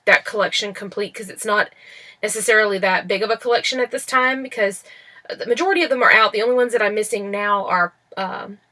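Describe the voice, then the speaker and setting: A woman rambles through a toy haul vlog at home, full of fillers and restarts, in casual chat. Her mid-range voice is a little fast, bright, and forceful. She's recorded on a laptop's built-in mic.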